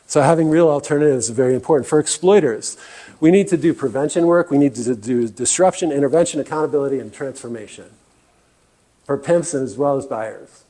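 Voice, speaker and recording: A man's voice: mid-range voice, fairly quick, mellow. A man giving a presentation talk as guest speaker, earnest and often restarting with fillers. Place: meeting room.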